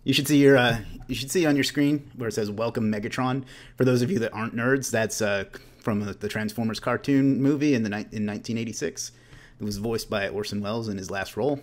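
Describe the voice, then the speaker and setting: A man's voice: medium pitch, fairly even intonation, fast talker. A man in his late thirties hosting a casual webinar, talking loosely with joking, self-deprecating asides. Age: late 30s. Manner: loose and conversational, with restarts. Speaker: webinar host.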